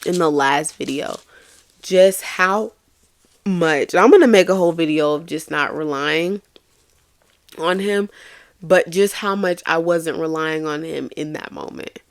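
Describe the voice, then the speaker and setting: A woman's voice: low voice, measured pace, dry recording, clean studio sound. A young woman hosting a faith-based podcast, telling a personal story in an earnest, confessional way, often restarting her sentences. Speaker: podcast host.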